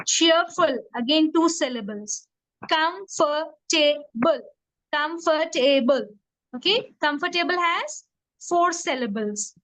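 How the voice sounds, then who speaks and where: A woman's voice: sits high, a bit bright, no room sound, poor audio. A woman teaching a grammar class, repeating words patiently and asking students to repeat after her. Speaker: English teacher.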